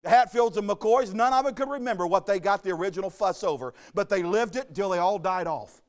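Preacher man from Arkansas, high voice, folksy joking sermon style. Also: brisk. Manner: folksy, joking asides, storytelling.

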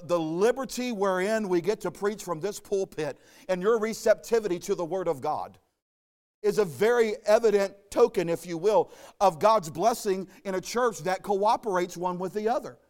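A man from Arkansas delivers a sermon in a notably high voice, folksy and full of joking asides. He drifts into homey personal stories as he preaches.

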